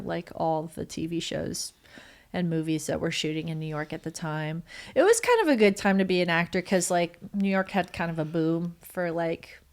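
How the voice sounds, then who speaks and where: Lowish-voiced woman on a podcast, rambly, lots of likes and laughs. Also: clear, resonant tone. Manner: rambling, laughs often, many fillers. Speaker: podcast guest. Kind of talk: casual interview chat.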